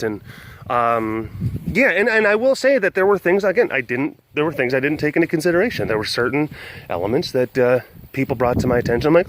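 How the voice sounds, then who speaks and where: A man's voice: mid-range voice, animated, normal speed, fairly bright tone, rough recording. A man hosting a casual webcast outdoors, rambling with lots of fillers and self-mocking asides. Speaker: vlog host.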